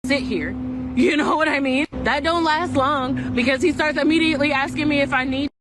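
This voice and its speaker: A woman's voice: sits high, steady tone, brisk. A homeless woman telling a profane, exasperated story outdoors. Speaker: homeless vlogger. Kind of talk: storytelling rant. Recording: traffic noise outdoors.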